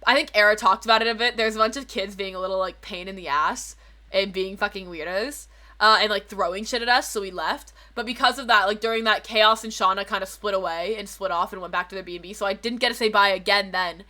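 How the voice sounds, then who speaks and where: A woman's voice: mid-range voice, fast, sharp tone. A woman streamer chatting casually to her viewers, telling a rambling story, swearing freely and correcting herself as she goes.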